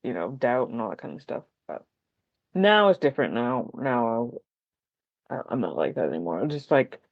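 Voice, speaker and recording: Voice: mid-range voice, big pitch swings, moderate pace, dry recording, muffled recording. A writer chatting on a podcast, rambling and self-deprecating, full of likes and ums. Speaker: podcast guest, fellow writer. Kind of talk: casual podcast conversation.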